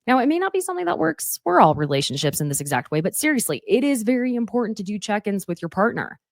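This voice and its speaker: A woman's voice: mid-range voice, big pitch swings, fast, creaky, no echo, clean studio sound. A young woman hosting a podcast, recapping a reality show in a chatty, opinionated way and quoting cast members. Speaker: podcast host. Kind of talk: casual recap commentary.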